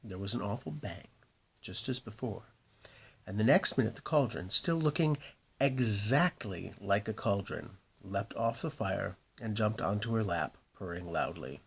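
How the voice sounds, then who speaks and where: Husky man reading a children's story. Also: lowish voice, unhurried. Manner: lively, expressive reading.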